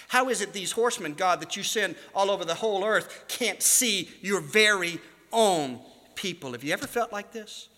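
A man with a high, very bright voice preaches a sermon that rises to shouted cries and drops to near-murmurs. His voice rings out in a large hall with a long reverb. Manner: preaching with swings from hushed to shouted. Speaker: pastor.

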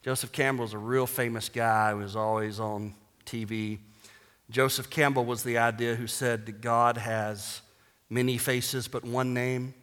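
A male pastor delivers a sermon in a bright, forceful voice. He preaches emphatically and breaks into joking asides. His voice rings out with a long reverb from a large hall. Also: mid-range voice, clean tone.

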